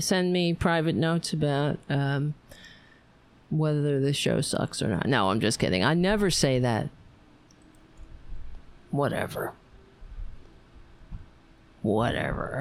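A tired woman hosting a casual livestream, chatting in a playful, rambling way. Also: sits low. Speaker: livestream host.

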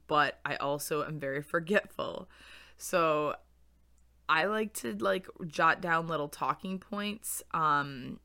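A young woman hosts a podcast on her own and talks in a candid, reflective way, laughing easily. Her voice sits low in pitch but has a bright, crisp edge. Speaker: podcast host. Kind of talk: solo podcast talk.

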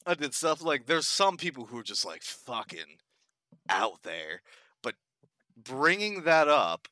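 A young man talking in a rambling, profane way, peppering every sentence with "like". His voice is bright and crisp, and the recording is close and dry. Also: mid-range voice, very animated, unhurried, no room sound. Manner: rambling, profane, heavy use of "like". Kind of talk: casual chat.

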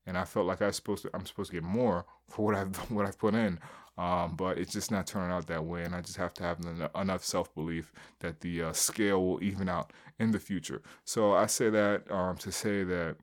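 Low-voiced young man, rambling diary talk. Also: fairly even intonation, a little fast. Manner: rambling, many fillers and restarts. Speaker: aspiring entrepreneur vlogger. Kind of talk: casual spoken diary.

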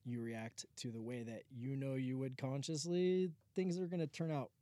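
A man's voice: medium pitch, fairly even intonation, moderate pace, warm tone, no echo. A man co-hosting a podcast, chatting casually and telling stories with an easygoing, slightly sarcastic manner. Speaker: podcast co-host, drone videographer. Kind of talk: casual chat.

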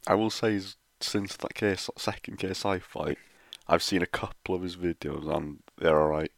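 A man with a very deep voice trades dry jokes on a podcast. He talks loosely and casually, and the recording is close and dry. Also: normal speed, creaky, no echo. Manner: joking, deadpan, does impressions. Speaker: podcast co-host. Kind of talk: casual chat.

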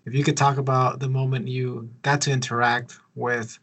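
A man co-hosting an interview, asking a question in a steady, even way. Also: medium pitch, moderate pace.

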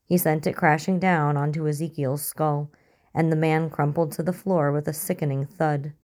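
A woman narrating a story in an even, measured reading style. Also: deep voice. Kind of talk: audiobook reading of fiction.

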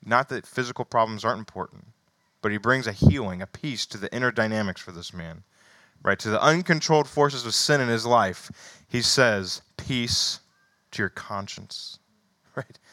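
Man, sermon, reads scripture then chats about it, bright tone, dry close sound. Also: fairly low pitch, normal speed, no room sound. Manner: reads scripture aloud with rising emphasis, then comments casually with laughs. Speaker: preacher.

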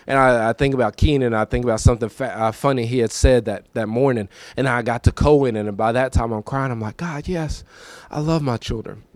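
A man in his thirties preaching a personal testimony in a conversational, emotional way, moving from quiet recollection to raised, emphatic lines. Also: medium pitch, steady tone, fast, few pauses, dry recording. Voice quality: conversational, emotional, repeats himself. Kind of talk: testimony sermon.

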